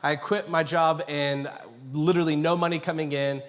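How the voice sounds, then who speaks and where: Storytelling pastor in an echoing church. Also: male voice, a little high, level tone, normal speed. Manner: conversational storytelling with self-mocking humor and acted-out quotes. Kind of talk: sermon. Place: church sanctuary. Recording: long hall reverb.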